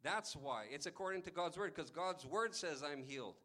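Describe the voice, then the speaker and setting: A man's voice: a little high, lively intonation, moderate pace, bright, forceful tone. A male pastor preaching a sermon with emphatic, call-and-response delivery. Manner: emphatic, calls out "Amen?" to the congregation.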